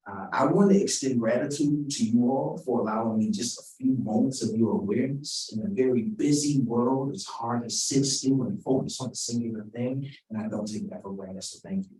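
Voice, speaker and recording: A man's voice: mid-range voice, warm tone. Joking keynote speaker man in a roomy hall. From Washington, D.C. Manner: joking, conversational. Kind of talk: keynote speech. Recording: roomy sound, mic at a distance.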